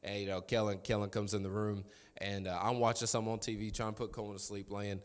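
A man's voice: fairly low pitch, flat delivery, fast, clear, resonant tone. A man in his thirties preaching a sermon, telling family stories with emphatic repetition. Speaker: pastor. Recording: reverberant church hall.

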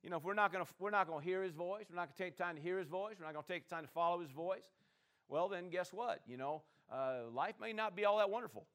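Man, high voice, sermon, call-and-response, loud then soft. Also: fast. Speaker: pastor.

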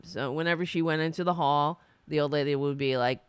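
A person streaming political commentary from home into a desk mic, ranting in an animated, sarcastic way with many restarts. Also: medium pitch, fairly quick, clear, resonant tone, dry recording. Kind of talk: ranting casual commentary to camera. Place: home in New York. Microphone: desk mic with webcam.

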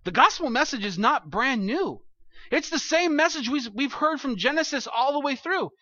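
A male pastor preaching a sermon at the front of a church, animated and conversational, slipping into quoted voices to make his points. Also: very high-pitched, moderate pace, no echo. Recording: dull lo-fi recording.

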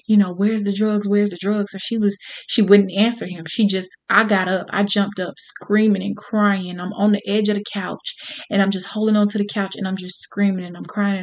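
Woman storyteller, candid and profane, talks straight to the crowd with lively drive. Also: mid-range voice. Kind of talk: personal storytelling to an audience.

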